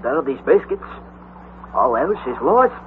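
A man's voice: on the high side, very animated, normal speed, a little hiss or hum. An actor playing a humble, loyal male guide who serves his master, in an old radio drama recorded tinny and lo-fi. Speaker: Hans, the guide.

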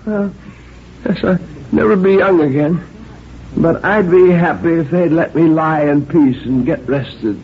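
A sharp-tongued old woman on her deathbed grumbles and scolds in an old radio play. The voice sits high and thin. The recording is dull and lo-fi, with a faint hiss underneath. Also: unhurried. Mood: weary. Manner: querulous, scolding. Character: dying old woman, stubborn and tart. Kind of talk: radio drama acting.

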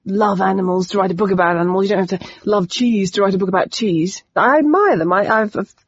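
A coldly matter-of-fact author, played by a woman, deadpan and unapologetic as a radio guest. Her voice is husky and dry, heard close in a muffled studio sound. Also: medium pitch, quick pace, dry recording, lightly acted.

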